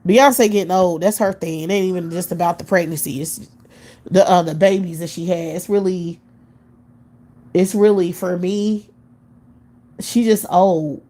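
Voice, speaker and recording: A woman's voice: fairly low pitch, normal speed, warm tone. Woman ranting bluntly, heavy cursing. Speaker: live-stream host. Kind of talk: profane casual rant.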